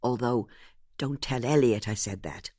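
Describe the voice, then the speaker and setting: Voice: medium pitch, a little slow, a little mellow, no echo, studio quality, lightly acted. A narrator voicing a friendly, chatty Irish woman receptionist in her fifties, talking in a conspiratorial way. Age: 50s.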